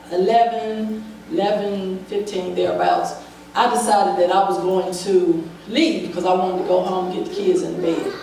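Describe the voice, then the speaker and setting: Woman, church testimony; lively storyteller who acts out every voice; mic set back, very roomy hall sound. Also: medium pitch. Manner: vivid storyteller, acts out the dialogue. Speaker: church member giving testimony. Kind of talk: personal testimony at a church service. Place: church sanctuary. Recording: very echoey hall, voice from far off, faint noise.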